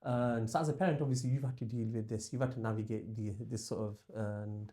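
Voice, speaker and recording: A man's voice: fairly low pitch, fairly even intonation, fast, mellow. A man hosting a podcast, asking probing questions with many restarts in casual chat. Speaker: podcast host.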